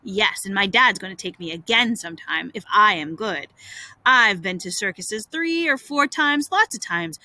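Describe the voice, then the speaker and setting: A woman's voice: medium pitch, animated, moderate pace, pushed and bright, no room sound. A woman reading as Becky, a shy coy schoolgirl. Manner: hesitant, coy. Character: shy, touchy young schoolgirl.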